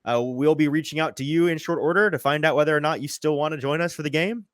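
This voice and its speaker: A man hosting a sports podcast in casual chat, quick and self-deprecating, a little out of breath. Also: a little high, steady tone, fairly bright tone, dry recording. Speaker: podcast host. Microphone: headphones, remote call.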